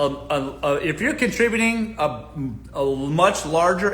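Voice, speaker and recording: Guy with a bright, slightly high voice talking dating straight to his viewers, echoey room. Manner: blunt, joking, talks straight to listeners. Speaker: dating advice host. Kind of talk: casual live-stream advice talk.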